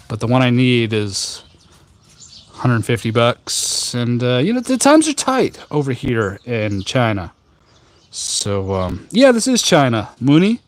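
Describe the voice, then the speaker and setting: A man hosting a casual tea live stream outdoors on a rooftop garden, chatting with viewers in a jokey, rambling, deadpan way with many fillers. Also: mid-range voice, a little slow. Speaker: tea livestream host.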